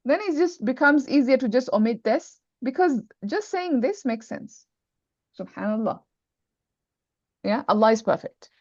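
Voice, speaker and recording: Woman teacher on a video call, kinda high voice, patient, lots of restarts, dull dry sound. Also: expressive, a little slow, a little mellow, no echo. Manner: patient, explains with examples, many restarts. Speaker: Arabic grammar teacher. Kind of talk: online class explanation.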